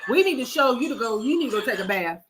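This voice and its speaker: A woman's voice: fairly high pitch, expressive, fast talker, music in the background. A woman from Oklahoma hosting a commentary stream, ranting brashly with a lot of profanity. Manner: brash, profane, loud sassy rants. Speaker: commentary host. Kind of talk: livestream commentary on a reality video.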